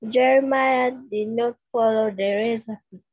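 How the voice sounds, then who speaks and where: Young girl pupil reading slowly, unsure, thin phone-ish audio. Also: a little high, steady tone. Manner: hesitant, careful reading aloud. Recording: tinny phone-like video call line.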